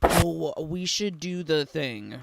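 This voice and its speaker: A man's voice: fairly high pitch, animated, slow pace, vocal fry, dry recording. A young man giving casual, sarcastic reaction commentary on a game trailer, laughing often and filling his talk with "like". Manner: sarcastic, giggly, filler-heavy.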